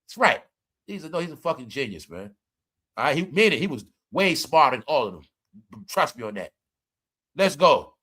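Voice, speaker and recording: A man delivering loud, profane celebrity commentary, scolding his viewers and hammering the same points over and over. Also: on the high side, very animated, normal speed, pauses often. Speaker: commentary vlogger.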